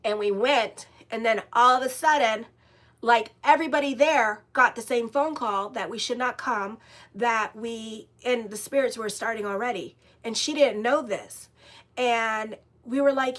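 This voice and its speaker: Woman astrologer, casual storyteller, somewhat high voice, animated and foul-mouthed, rambling. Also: moderate pace. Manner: animated, blunt, swears freely, rambling with restarts. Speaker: astrologer and tarot reader.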